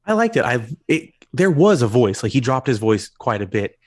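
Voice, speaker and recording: A man co-hosting a casual film podcast, explaining his points eagerly and quickly. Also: mid-range voice, no echo, studio quality. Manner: animated, quick explaining, demonstrates voices. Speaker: podcast co-host.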